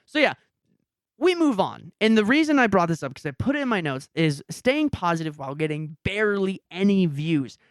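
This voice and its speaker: A man's voice: high voice, very animated, moderate pace, dry recording, studio quality. A young man hosting a podcast, telling a story in a casual way and acting out his own reactions. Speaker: podcast host and YouTuber. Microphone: headset.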